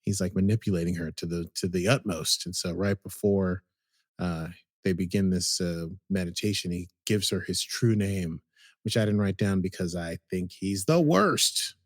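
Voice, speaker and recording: A man with a low voice recaps a TV episode as a podcast co-host, speaking at normal speed in a clean, echo-free studio recording. He rambles in a chatty way, saying "like" a lot.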